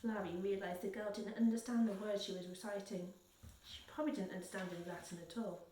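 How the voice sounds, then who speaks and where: A woman reads a children's book aloud in a steady, careful way, with a middle pitch. Her voice sits a little back from the mic in a roomy space. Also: brisk, far from the mic, slight background noise. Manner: steady and careful, with small slips she corrects. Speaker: reader. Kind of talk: reading a children's novel aloud.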